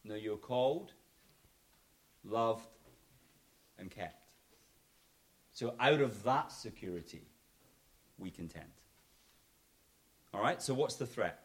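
A man preaching a sermon, swinging between emphatic high points and quiet low endings. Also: animated, slow pace, pauses often.

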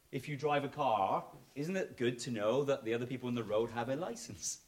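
A man preaching a sermon, swinging between emphatic high points and quiet low endings. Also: normal speed.

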